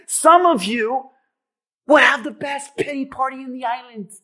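Male preacher, very high and bright, dramatic delivery with shouted peaks. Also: normal speed. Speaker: pastor. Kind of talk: sermon.

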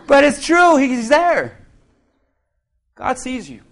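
A man's voice: extremely high pitch, huge pitch swings, very slow, creaky, fairly bright tone. A male pastor preaching a sermon in church, joking with the congregation and leading call-and-response. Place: church sanctuary.

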